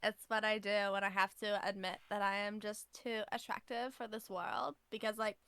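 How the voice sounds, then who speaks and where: A young woman co-hosts a podcast, chatting casually in a clear, resonant, slightly bright voice of medium pitch. Her delivery is moderately paced with little pitch movement and no echo, and she swears, laughs, and pokes fun at herself.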